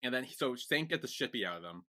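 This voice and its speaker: Chatty podcast guy rambling thru a show recap, bright tone, keeps going off on tangents. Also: mid-range voice, fast. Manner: rambling, excitable, many fillers. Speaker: podcast co-host. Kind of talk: casual chat recapping a show.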